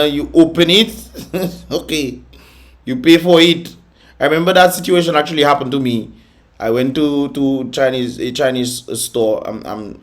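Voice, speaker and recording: A man hosts a casual reaction vlog in a somewhat high voice. He chats loosely with Caribbean creole phrasing and laughs often as he comments. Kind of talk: casual commentary on viral videos.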